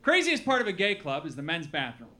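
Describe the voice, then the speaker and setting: High-voiced man doing stand-up. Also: a little fast. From Milwaukee, Wisconsin. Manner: animated storytelling with acted-out quotes. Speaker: stand-up comedian. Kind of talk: stand-up comedy set. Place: comedy club with live audience.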